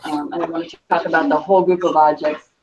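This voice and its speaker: A woman teaches a Spanish class, explaining things in a chatty manner and checking in with students by asking "okay?" again and again. She talks fast in a low voice with little pitch movement. The classroom recording is distant, dull and lo-fi, with a bit of hiss or hum.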